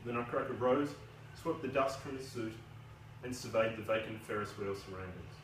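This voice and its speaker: At his book launch, a debut novelist gives a casual, self-deprecating speech and reads from his book. He speaks at medium pitch and normal speed, recorded from a distance in an echoey room with slight background noise.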